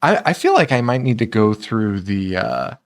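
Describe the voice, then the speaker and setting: A man co-hosting a casual horror movie podcast, animated, laughing often and swearing freely. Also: fairly low pitch, normal speed. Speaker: podcast co-host.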